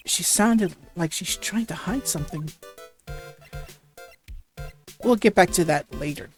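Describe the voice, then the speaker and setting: A woman's voice: on the low side, animated, moderate pace, few pauses, faint music behind. A woman giving casual game commentary, hesitant with fillers and restarts. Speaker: let's play host.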